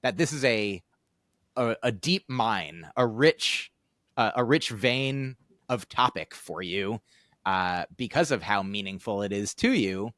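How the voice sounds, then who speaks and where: A man's voice: fairly low pitch, animated, slow pace, a bit bright, no room sound, clean studio sound. A man hosting a podcast, talking in a casual, thoughtful, rambling way with many fillers and restarts. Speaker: podcast host. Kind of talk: casual conversational podcast chat.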